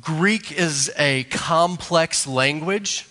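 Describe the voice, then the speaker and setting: A male pastor, preaching a sermon slowly and deliberately, building to emphatic rises. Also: a little high, pushed and bright. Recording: long hall reverb.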